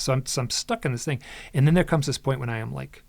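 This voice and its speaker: Gravelly man telling an animated story. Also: medium pitch, fast talker, dry recording. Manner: dramatic retelling, frequent restarts. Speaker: podcast guest, author.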